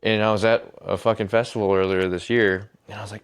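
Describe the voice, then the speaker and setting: A man's voice: lowish voice, fast, smooth. A man hosting a podcast, chatting casually, telling stories and swearing freely. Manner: swears freely and tells stories with relaxed energy. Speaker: podcast host.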